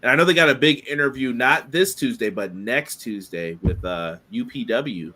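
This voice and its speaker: Man, podcast co-host, casual wrestling chat, animated, quick, lots of fillers, medium pitch. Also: breathy edge. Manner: fast, animated opinions with frequent fillers.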